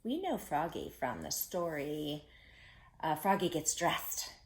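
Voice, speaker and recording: A woman teaching young children a phonics lesson, deliberate and repeating each step for them to echo. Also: low voice, wildly swooping pitch.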